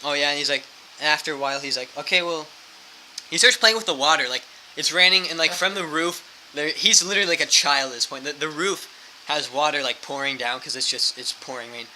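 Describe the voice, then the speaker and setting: A man's voice: a little high, fast, slight background noise, poor audio. A young man, a missionary, casually telling a story full of fillers and acting out quotes. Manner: animated, fillers like "like" throughout, acts out quotes.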